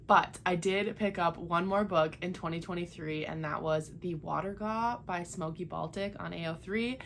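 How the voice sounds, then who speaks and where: A woman's voice: on the low side, normal speed, creaky, slight background noise. Chatty young woman vlogging books. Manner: chatty, many "like" fillers, laughs easily. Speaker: book vlogger. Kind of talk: casual reading vlog chat.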